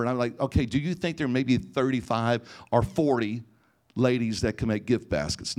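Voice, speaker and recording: A man's voice: medium pitch, normal speed, darkish tone. A man preaching a sermon, telling personal stories and acting out conversations with frequent restarts. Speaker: pastor.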